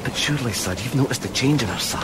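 A man's voice: medium pitch, expressive, fast, background noise, natural voice. A man playing an uneasy young royal guard who talks deferentially and nervously to his officer. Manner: deferential, nervous, keeps saying sir. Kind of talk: radio drama acting.

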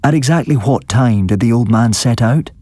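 A man's voice: medium pitch, moderate pace, warm tone, no echo, voice pushed up, natural voice. A man doing a stern, watchful peasant father. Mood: firm.

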